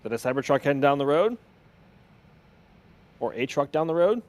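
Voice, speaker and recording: A man co-hosting a live broadcast, tossing in quick teasing remarks. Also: fairly high pitch, lively intonation, a little mellow, no echo. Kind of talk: casual live commentary.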